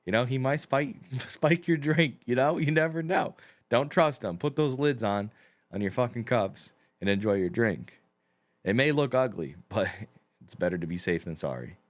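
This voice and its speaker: A man's voice: mid-range voice, expressive, moderate pace. A man on a podcast, bantering and cracking crude jokes in casual chat. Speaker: podcast guest.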